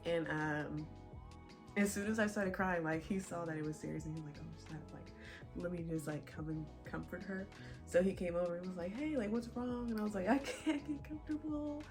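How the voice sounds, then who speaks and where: Chatty young woman, lowish voice. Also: fairly even intonation, brisk, soft background music. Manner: chatty, laughs often while telling a story. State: pregnant. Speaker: vlogger. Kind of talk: casual chat.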